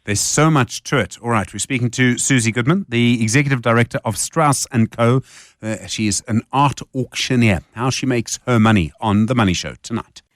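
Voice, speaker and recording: A man hosting a radio interview, relaxed and prompting his guest with short remarks. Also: medium pitch, moderate pace, no echo, studio quality. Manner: relaxed, with brief affirming murmurs. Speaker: radio show host. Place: radio studio.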